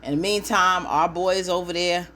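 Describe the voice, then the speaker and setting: A woman's voice: fairly low pitch, fairly even intonation, moderate pace, bright, forceful tone, a little hiss or hum. A woman hosting a casual TV episode recap, chatty and opinionated, speaking straight to her viewers. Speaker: TV recap host.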